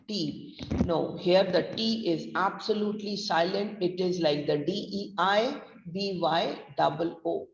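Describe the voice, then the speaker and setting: A woman's voice: lowish voice, unhurried, gravelly. A woman with an Indian English accent teaching pronunciation, spelling words letter by letter and explaining stress. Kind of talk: online lesson, spelling out words. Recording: dull distant roomy audio.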